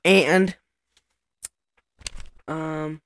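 The podcast co-host, a young woman, speaks very slowly in a low-pitched, steady tone. In casual chat she gives a meandering movie recap, dropping "like" again and again and performing lines from the film.

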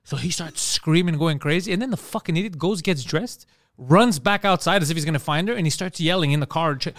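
A man with a high voice tells a profane story at a quick clip, acting out every quoted line. He sounds like a comedian on a podcast. The sound is close and dry. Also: dry recording. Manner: animated, profane storytelling, acts out quoted lines. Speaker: comedian guest.

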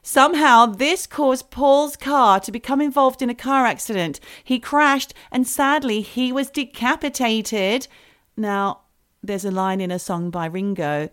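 A woman hosting a comedy podcast, telling a story in an animated, mock-serious way. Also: fairly high pitch, unhurried, clean tone.

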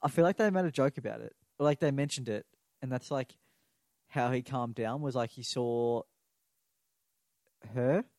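A man's voice: mid-range voice, normal speed, long pauses, a little mellow, no room sound, clean studio sound. A man co-hosting a podcast, teasing his friend and swearing in casual chat. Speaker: podcast co-host.

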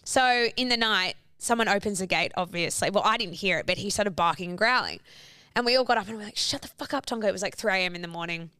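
A woman's voice: medium pitch, fast talker, bright, forceful tone, clear, resonant tone, no echo, clean studio sound. A young woman, co-hosting a podcast and telling a story in casual, chatty fashion, swearing freely and saying "like" a lot. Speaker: podcast co-host. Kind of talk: casual chat.

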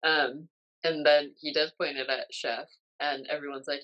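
A man in casual chat recapping a film's plot, rambling with many fillers and jumping up in pitch when he mimics the characters. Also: unhurried, lo-fi sound. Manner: animated, raises pitch when quoting characters.

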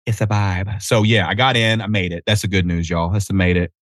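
A man in his thirties from Tennessee, hosting a casual solo podcast outdoors, telling animated, profane stories. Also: lowish voice, brisk, no echo. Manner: animated storytelling with cursing and self-interruptions. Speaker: podcast host.

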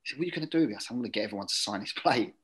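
Man, guest storyteller, casual and chatty, mid-pitched voice, quiet muttered asides. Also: lively intonation, racing, low-quality recording. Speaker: guest, former footballer. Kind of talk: casual anecdote.

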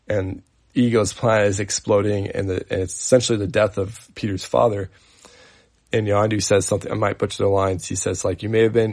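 A man in his thirties hosting a podcast, telling a personal story in an earnest, halting way with many fillers and restarts. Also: on the low side, gravelly, darkish tone. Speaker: podcast host.

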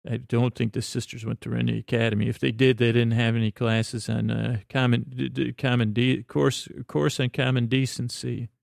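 A man telling a meandering, improvised bedtime story to a pen pal, halting often and filling gaps with fillers and restarts. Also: medium pitch, flat delivery, creaky, no echo, studio quality.

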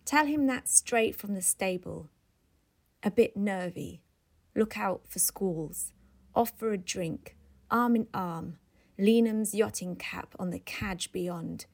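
A woman reading the part of a blunt, brusque male newspaper editor, gruff and dismissive. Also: medium pitch, takes it slowly, a little mellow.

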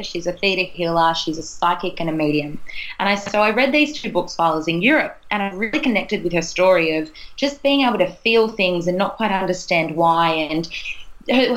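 A woman's voice: fairly low pitch, a bit bright, poor audio. A young adult woman from Australia telling a personal story in an earnest, chatty way as an interview guest. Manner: earnest, chatty, laughs between thoughts. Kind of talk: casual storytelling in a podcast interview.

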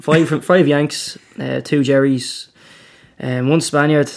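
A man's voice: on the high side, fairly even intonation, slow, vocal fry. A man with an Irish accent, hosting a casual podcast and joking as he reads out listener poll results. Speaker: podcast host.

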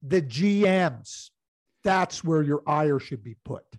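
A man's voice: on the high side, lively intonation, slow pace. A middle-aged man, a hockey analyst and former team executive, telling long rambling stories full of filler phrases on a sports talk podcast. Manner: rambling storyteller with many "you know" fillers.

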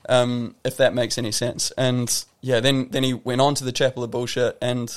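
Kiwi guy in his 30s on a podcast, mid-pitched, thinks out loud, lots of likes and restarts. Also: flat delivery, moderate pace. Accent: New Zealand. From New Zealand. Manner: reflective storytelling, lots of "like" and restarts. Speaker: guest, professional tennis player. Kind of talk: casual podcast interview.

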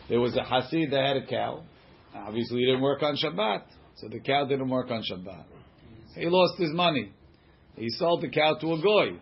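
A man's voice: medium pitch, husky. A man teaching an informal text-study class, translating passages line by line in a conversational way. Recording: dull lo-fi recording.

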